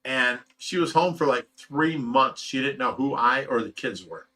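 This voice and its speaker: A middle-aged man from Ohio talks casually on a livestream, his voice bright and forward. He rambles through heartfelt stories, trips over his words and reads out chat messages as he goes. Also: medium pitch, moderate pace. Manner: emotional, rambling storytelling with fillers and laughs. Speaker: fish rescue channel host reading live chat.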